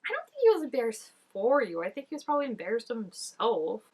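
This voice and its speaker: Speaking fast with a slightly rough, a little high voice whose pitch swoops wildly, this young adult woman reacts to a TV episode for her vlog. She keeps it casual and chatty, using plenty of fillers, laughing often, and exclaiming at the screen in mock drama.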